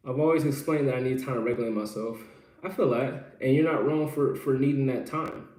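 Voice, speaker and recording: A man's voice: medium pitch, a little mellow, roomy sound. Earnest man coaching on relationships. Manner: earnest, explanatory, repeats phrases. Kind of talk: live-stream advice talk.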